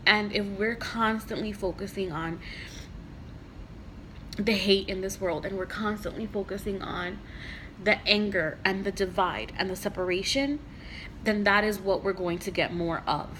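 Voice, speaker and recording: A woman speaking to camera about faith and the ego, earnest and heartfelt, with slow emphatic repetitions and soft near-whispered phrases. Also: medium pitch, slight background noise, poor audio. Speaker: mother sharing spiritual reflections. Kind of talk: personal reflective monologue.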